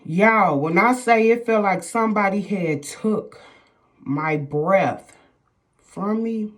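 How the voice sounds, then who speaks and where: A woman's voice: mid-range voice, slow pace. A middle-aged woman vlogger telling viewers a personal story in casual chat, emphatic and repetitive, often calling them "y'all".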